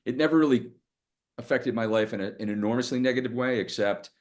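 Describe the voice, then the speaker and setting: A man's voice: medium pitch, quick pace. A middle-aged man from the area, a guest in a casual podcast interview, talking candidly with frequent restarts from a hotel room. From Boston area, USA. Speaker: guest, sales executive.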